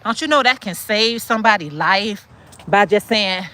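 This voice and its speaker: A woman with a bright, forceful voice talks while she walks outdoors. She gives encouragement in a preachy way, repeats her key lines for emphasis and stops to answer comments from viewers. Her pitch sits in the middle for a woman. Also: expressive, moderate pace. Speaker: channel host. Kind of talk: encouraging walk-and-talk chat. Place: outdoors, walking in a city.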